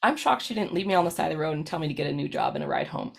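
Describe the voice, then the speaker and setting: A woman's voice: sits low, lively intonation, rapid-fire, gravelly. A woman presenting a lesson to practitioners in a chatty, storytelling way, often checking in with "right?". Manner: chatty, storytelling, frequent "right?" tag questions. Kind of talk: recorded professional presentation.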